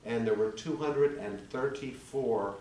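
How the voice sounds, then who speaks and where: A man's voice: medium pitch, measured pace, darkish tone. Echoey older man arguing a legal case. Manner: argumentative, building a legal case. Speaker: attorney addressing town commission. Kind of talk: formal presentation at a public meeting. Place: town commission meeting chamber. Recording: echoey chamber, distant mic, faint hum.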